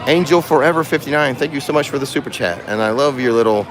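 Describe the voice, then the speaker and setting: A man's voice: mid-range voice, fast. Chatty man livestreaming outdoors. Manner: chatty and joking, talks to viewers. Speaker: vlogger host. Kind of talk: casual livestream chat. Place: outdoors in a theme park. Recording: music playing clearly behind.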